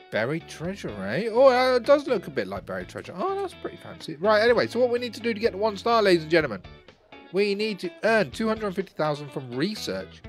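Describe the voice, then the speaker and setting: A man chatters through a let's play, greeting characters and exclaiming at what he sees. His voice sits a touch high and swings widely in pitch. Soft game music plays underneath. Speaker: gaming channel host.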